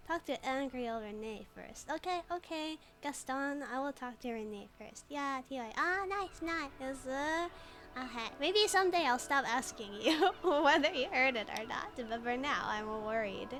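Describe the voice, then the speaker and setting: A woman's voice: high voice, animated, moderate pace, a bit bright. Giggly woman streaming a game. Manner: chatty, giggly, reads game text aloud. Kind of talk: casual gameplay commentary.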